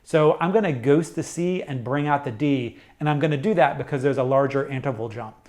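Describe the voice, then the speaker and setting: A middle-aged man teaching a saxophone lesson, explaining jazz articulation step by step in a clear, methodical way. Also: mid-range voice, brisk, darkish tone. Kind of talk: instructional music lesson.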